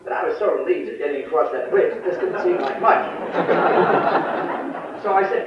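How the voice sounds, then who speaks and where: A man's voice: a little high, normal speed, pauses often, noisy background. An older man giving a speech at a foreign affairs forum, telling wartime stories with wry, dry humor. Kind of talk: after-dinner speech with war anecdotes. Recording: distant, dull, echoey hall recording.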